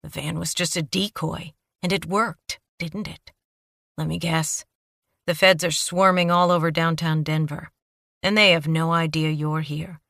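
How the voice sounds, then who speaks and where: A woman voicing a cold, menacing young male killer who speaks in hushed, sneering threats. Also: low-pitched, little pitch movement, a little slow, vocal fry, no room sound, clean studio sound, heavily acted. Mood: icy menace.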